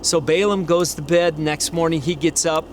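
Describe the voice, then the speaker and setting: A middle-aged man preaching, an animated storyteller who acts out the voices in the story. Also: a little high, moderate pace, a little hiss or hum. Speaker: pastor. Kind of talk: sermon storytelling.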